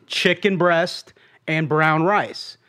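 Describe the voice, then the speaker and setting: A man co-hosting a casual podcast, telling his side of a story in a chatty way, often trailing into quiet asides. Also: fairly high pitch, steady tone, slow, clean tone. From Southeast Asia. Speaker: comedian co-host.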